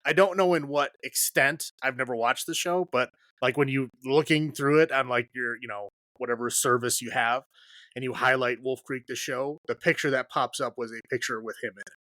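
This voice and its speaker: Bright-voiced chatty male podcast host. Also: medium pitch, fairly even intonation, normal speed, no room sound. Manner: chatty, laughs often, trails off mid-sentence. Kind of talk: casual podcast chat.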